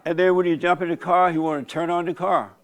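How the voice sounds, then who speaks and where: A man's voice: high voice, little pitch movement, fast talker. An older man hosting a church discussion, talking in a folksy, joking way and laughing often. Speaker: host leading a church discussion. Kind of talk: casual preaching talk.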